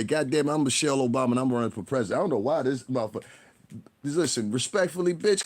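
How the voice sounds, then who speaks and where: A man with a medium-pitched, slightly mellow voice is ranting on a live stream. He's blunt and picks fights, curses a lot, and rambles directly at the people watching.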